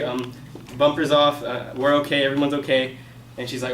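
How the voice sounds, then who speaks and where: A young man telling a personal story in a casual, animated way, acting out his own past lines. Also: medium pitch, quick pace, slight background noise. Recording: echoey room, mic from a distance.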